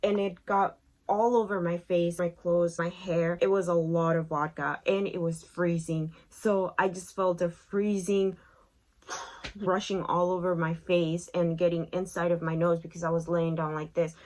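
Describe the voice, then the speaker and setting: A young woman vlogger telling a lively story while doing her makeup. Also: measured pace, poor audio. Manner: lively storyteller, acts out quotes in a high voice. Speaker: beauty vlogger.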